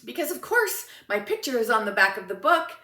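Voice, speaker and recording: High, bright, enthusiastic woman storyteller. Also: big pitch swings, a little fast, reverberant, recorded from a distance. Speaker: motivational speaker. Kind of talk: personal storytelling talk.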